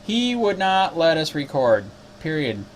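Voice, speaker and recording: A man's voice: fairly high pitch, sing-song, unhurried, slight background noise. A man who is a cop watch activist, talking in a casual spoken recap, indignant and exasperated.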